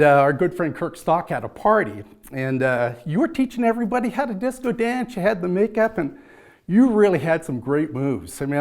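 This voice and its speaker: Chatty middle-aged man, fairly high voice. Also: a little mellow. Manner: chatty and rambling, lots of "uh" and "you know". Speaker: longtime friend giving a tribute. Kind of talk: informal farewell tribute. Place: church.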